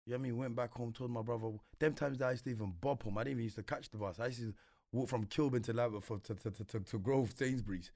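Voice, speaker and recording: Here a guest speaks quickly in a mid-range voice, captured at studio quality without echo. He's a young man from Congo with a London accent, animatedly retelling episodes from his life in a laid-back interview, peppering them with London slang and voiced quotes.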